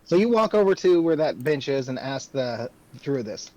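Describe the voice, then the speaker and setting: A man narrating as game master in a tabletop game, loose and halting with lots of fillers. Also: medium pitch, sing-song, darkish tone, no echo, lo-fi sound.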